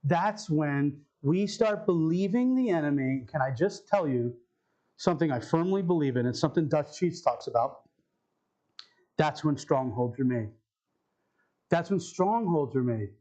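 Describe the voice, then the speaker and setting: Male pastor, high voice, casual preaching style that repeats key lines. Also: lively intonation, measured pace, dark tone, low-quality recording. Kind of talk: sermon. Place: church sanctuary.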